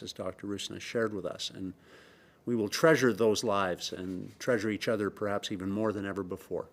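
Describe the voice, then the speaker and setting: A middle-aged man with a Canadian accent, giving a measured, emphatic government press briefing statement with frequent pauses. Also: lowish voice. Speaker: provincial premier.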